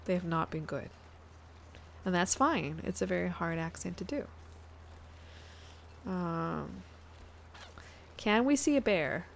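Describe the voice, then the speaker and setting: A woman's voice: on the low side, slow pace, vocal fry, long pauses, a little hiss or hum. A woman, chatting casually to her viewers while playing a game on a live stream and thinking aloud. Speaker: guest streamer.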